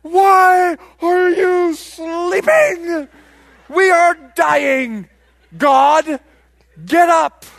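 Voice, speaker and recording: A man acting out a terrified disciple in a sinking boat, shouting high and loud. He yells in alarm at his master to get up. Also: drawn-out words, gravelly, exaggerated voice. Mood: panicked.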